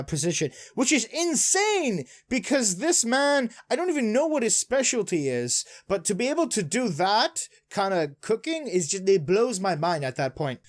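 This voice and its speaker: Excitable rambling man, fairly high voice. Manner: excitable, rambling, many fillers, retells scenes with "he's like". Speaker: manga reviewer. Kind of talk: casual chapter recap and commentary.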